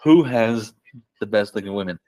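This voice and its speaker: A man's voice: fairly low pitch, moderate pace, dry recording, poor audio. Young man telling stories, casual. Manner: excited, swearing, laughs often, acts out quotes loudly. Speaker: podcast guest. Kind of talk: casual storytelling.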